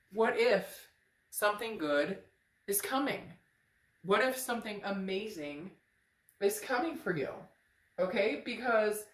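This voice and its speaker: A tarot reader with a medium-pitched, slightly bright voice gives her viewers an earnest, emphatic reading, frequently repeating phrases. The room she records in is echoey.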